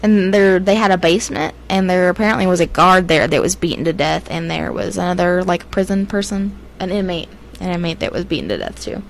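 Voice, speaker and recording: A woman's voice: fairly low pitch, a little fast, vocal fry, hardly any pauses, a little hiss or hum, poor audio. A young woman with a Southern US accent co-hosting a podcast, chatting casually about ghost stories and giggling between rambling, filler-heavy sentences. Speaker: podcast co-host.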